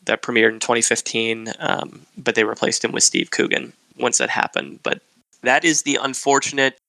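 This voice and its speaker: Male podcast host, gravelly, bright tone, dry close sound, chatty and conversational. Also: mid-range voice, fairly even intonation, moderate pace, no room sound, poor audio. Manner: conversational, recounts facts with filler words. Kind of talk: casual podcast chat.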